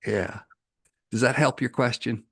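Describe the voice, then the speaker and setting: A man who is a spiritual coach answering viewer questions, telling stories in an animated way and laughing often. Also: mid-range voice, unhurried, gravelly, slightly rough. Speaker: ascension coach. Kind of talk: spiritual teaching Q&A.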